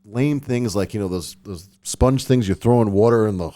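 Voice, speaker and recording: A man's voice: lowish voice, moderate pace, warm tone. A man with a Long Island accent, a toy designer chatting casually as a podcast guest, rambling with many restarts. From Long Island, New York.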